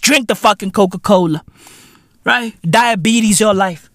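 A man hosting a podcast, delivering a profane comedic rant full of street slang and sudden shouted bursts. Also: high voice, a little slow, dry recording, studio quality. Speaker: podcast host.

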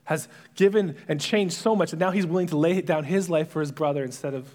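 A male pastor preaching a sermon, retelling a story dramatically and dropping to hushed whispers at its emotional moments. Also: a little high, fairly quick.

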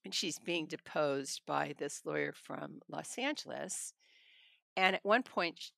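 A woman's voice: low voice, expressive, measured pace, gravelly, pushed and bright, no room sound, clean studio sound. A middle-aged woman, a trial attorney, telling blunt stories in a casual podcast conversation and laughing often.

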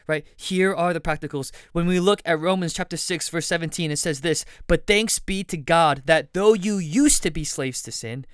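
A man's voice: high voice, a bit bright, clean tone, dry recording. A man preaching a sermon, earnest and direct, putting questions to his listeners.

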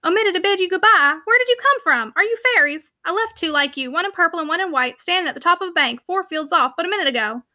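A grave young mill owner, courteous but guarded, with each line kept in check, read by a woman. The voice sits high and bright for a man, and the words come measured and restrained. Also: exaggerated voice. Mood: amazed. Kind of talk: audiobook character reading.

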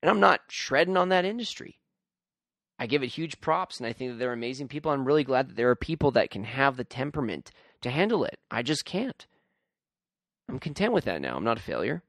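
A man's voice: medium pitch, very animated, brisk, fairly bright tone, dry recording, studio quality. Tired, earnest podcast host man. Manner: earnest, rambling, heartfelt. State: tired, groggy voice. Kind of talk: solo podcast monologue.

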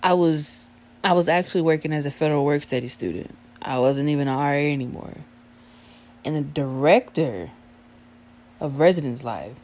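A woman's voice: low-pitched, a little mellow. A woman in her twenties telling a casual, profane story with lots of slang.

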